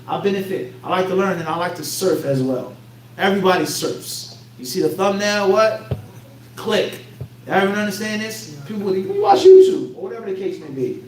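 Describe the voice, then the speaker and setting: A man with a Philadelphia accent giving an Islamic lecture to a class, bluntly streetwise, tossing out rhetorical "what?" questions for listeners to answer. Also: high voice. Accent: Philadelphia American. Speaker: Islamic teacher. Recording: echoey room, mic far off, faint hum.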